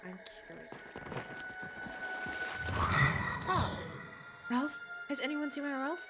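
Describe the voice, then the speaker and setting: A woman's voice: sits high, very animated, slow pace, loud music behind the voice. A woman, not a native English speaker, streaming a game and chatting casually, giggly and thinking aloud.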